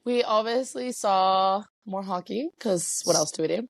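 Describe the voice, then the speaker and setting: A woman's voice: mid-range voice, measured pace, vocal fry, dry recording, clean studio sound. A woman in her twenties co-hosting a podcast over a video call, with playful, teasing banter. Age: 20s. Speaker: podcast co-host.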